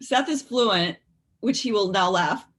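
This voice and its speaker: A woman who directs films is chatting casually as a guest. Her voice sits at an ordinary middle pitch. She laughs often as she talks. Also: measured pace, slightly rough. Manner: warm, laughing, conversational. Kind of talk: casual chat.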